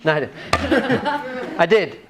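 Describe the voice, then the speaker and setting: A man's voice: high-pitched, very animated, slow, background noise. A male rabbi teaching a class, telling humorous family stories and putting questions to his audience. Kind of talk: lecture with personal anecdotes.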